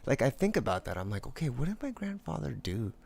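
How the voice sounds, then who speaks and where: A man's voice: medium pitch, sing-song, fast talker, vocal fry, darkish tone. A young man rambling casually while painting on a live stream, laid-back, swearing often and laughing a lot.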